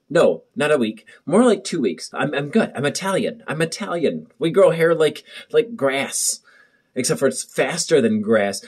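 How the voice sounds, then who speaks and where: His voice runs a little high and husky, a bit mellow, with lively intonation at a moderate pace. The young man is in his bathroom at home, chatting casually to camera in a nervous, rambling, joking way. A muffled built-in camera mic picks it up.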